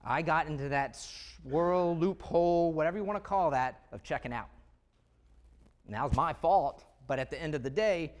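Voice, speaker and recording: A man giving an energetic, conversational presentation to real estate agents, full of rhetorical questions. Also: a little high. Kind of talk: live sales presentation.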